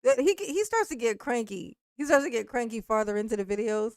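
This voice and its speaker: A woman's voice: fairly high pitch, animated, fairly quick, no echo, studio quality. A woman giving blunt, profane reaction commentary, laughing often. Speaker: commentary host reacting to a clip.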